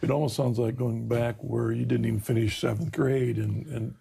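A man hosting a religious talk program, reflective and measured in conversation with his guest. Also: medium pitch, steady tone, gravelly, mellow, breathy edge. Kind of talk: casual interview conversation.

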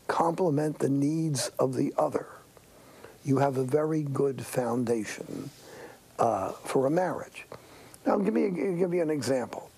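A man's voice: a little high, vocal fry, darkish tone, breathy edge. An older man, a monastic priest, giving a wry, anecdotal talk with half-whispered asides. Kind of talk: storytelling talk.

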